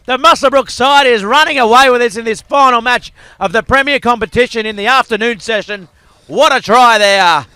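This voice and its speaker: A man commentating a live rugby sevens match, excitable and rising to shouts at tries. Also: extremely high pitch, a little fast, clean tone, no room sound. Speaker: sports commentator.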